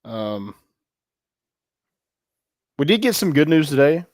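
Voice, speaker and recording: A man co-hosting a podcast, giving sports news in a relaxed, casual way with many fillers. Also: on the high side, takes it slowly, no echo, clean studio sound. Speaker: podcast co-host.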